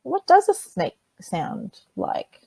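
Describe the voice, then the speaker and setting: A woman calmly teaching children simple breathing steps in a workshop lesson, speaking plainly and straight to them. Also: high voice, slow, gravelly, slightly rough, dry recording. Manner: demonstrates by breathing sounds.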